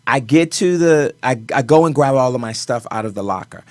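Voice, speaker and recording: A man in a mid-range voice recounts a personal ordeal on a talk show. He talks in animated bursts, dropping low and then rising loud. The sound is close and dry, with no room around it. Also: fairly quick, no echo. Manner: animated storyteller with sudden swings in loudness. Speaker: guest choreographer.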